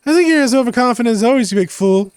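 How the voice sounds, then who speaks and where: A man's voice: very high-pitched, animated, very fast, darkish tone, clean tone, no echo, pitched above the performer's own voice. A man reading aloud the lines of a feisty young woman in a teasing, indignant way. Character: feisty young woman, sharp-tongued sparring partner.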